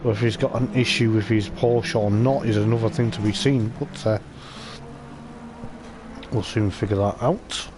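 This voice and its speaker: A man's voice: on the low side, steady tone, normal speed, pauses often. A man giving chatty, meandering live commentary on an online racing league event. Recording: clear racing game engine noise behind the voice. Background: race car engine sounds from the game.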